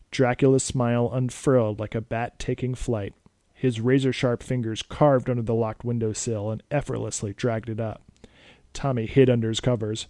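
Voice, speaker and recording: A man narrating a scripted spooky story in a brisk, steady way. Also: medium pitch, no echo, clean studio sound.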